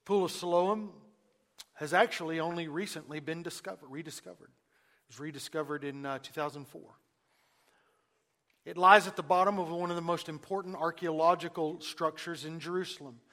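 A man preaching a sermon, who asks the congregation questions and uses dramatic pauses, moving between loud emphasis and near-hushed lines. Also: a little high, fairly even intonation, long reverb tail. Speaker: pastor.

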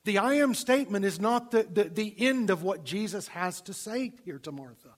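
Guy preaching a sermon, kinda high voice, gets loud then drops real quiet. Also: lively intonation, moderate pace. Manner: dynamic preaching, swinging from loud emphasis to hushed near-whispers. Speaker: pastor.

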